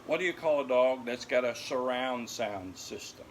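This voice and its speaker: A man's voice: medium pitch, normal speed, a little hiss or hum. An older man telling corny dog jokes at home to his dogs, laughing at his own puns and then explaining them. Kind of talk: corny joke routine.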